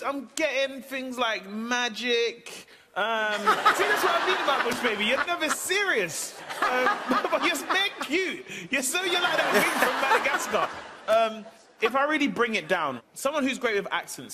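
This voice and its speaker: A man on a TV panel, chatting excitedly and laughing as he guesses, in a studio with an audience. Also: extremely high pitch, normal speed. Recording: loud studio crowd and noise.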